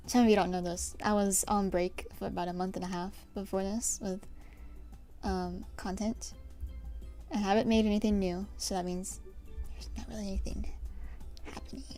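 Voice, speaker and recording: A young woman livestreaming from her desk at home, chatting casually with her viewers, giggling often and sometimes dropping to a soft whisper. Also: mid-range voice. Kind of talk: casual chat answering a live chat. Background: faint stream music.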